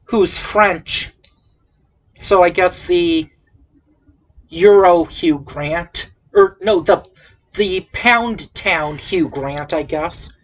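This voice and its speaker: A woman with a lowish voice hosts a casual podcast, speaking very slowly as she recaps a movie. Her review rambles and jokes, with plenty of tangents and asides.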